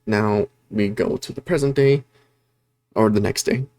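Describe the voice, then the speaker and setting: A man's voice: on the low side, measured pace, darkish tone. A man casually reviewing a horror movie, rambling with many fillers and retelling scenes with energy.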